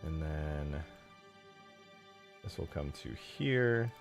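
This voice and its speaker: A man streaming as he builds a game mod, chatting casually while he works. He mutters quietly as he models, then bursts out loudly to thank viewers. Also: rumbling low, lively intonation, drawn-out words, music in the background.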